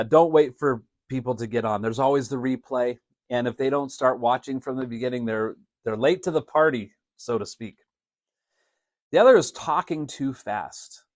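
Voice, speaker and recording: A man's voice: medium pitch, no room sound, studio quality. A man hosting a live podcast, talking casually, laughing often and acting out mock announcements. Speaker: podcast host. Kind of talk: casual live-stream talk.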